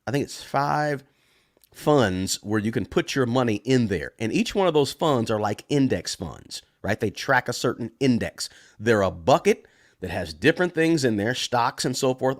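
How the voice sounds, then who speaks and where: Chatty man in his fifties hosting. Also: medium pitch. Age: 50s. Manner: chatty, calls audience "guys", greets viewers. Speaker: livestream host. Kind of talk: live Q&A chat.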